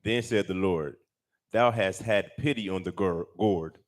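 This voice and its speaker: A man reading scripture aloud in a steady, measured way, away from the microphone. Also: deep voice. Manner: steady, measured reading of old-fashioned text. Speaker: scripture reader.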